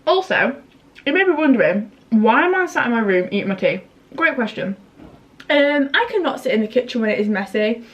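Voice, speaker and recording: A young woman chats through a casual home vlog, rambling into little story times and poking fun at herself. Her voice sits a touch high. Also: big pitch swings, a little fast, muffled recording. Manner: chatty, self-mocking, rambling story times. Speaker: vlogger. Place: her bedroom and kitchen at home.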